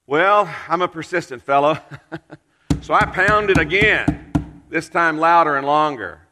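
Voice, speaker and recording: A man preaching a sermon from a church pulpit, telling a personal story in an earnest, unhurried way with dramatic pauses. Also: fairly high pitch, expressive, long reverb tail, background noise. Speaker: pastor.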